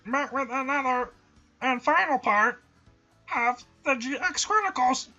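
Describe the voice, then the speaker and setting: A man putting on a deliberately dumb, hyped-up high voice, drawn out slowly. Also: lively intonation, sharp tone, highs cut off, soft background music, exaggerated voice. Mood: goofy. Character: goofy hyped-up male youtuber persona.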